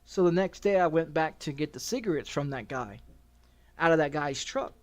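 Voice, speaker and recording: Male game streamer, higher voice, rambling and profane, casual storyteller. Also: animated, moderate pace. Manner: profane and rambling, with many restarts.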